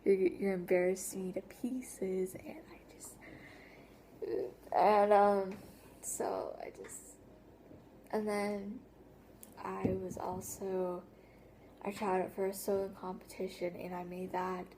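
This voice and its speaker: A woman's voice: medium pitch, flat delivery, slow, pauses often, dark tone, a little hiss or hum. A teenage girl telling a story on her vlog in a rambling way, with lots of fillers, often dropping to a whisper. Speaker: vlogger. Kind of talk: casual story-time vlog.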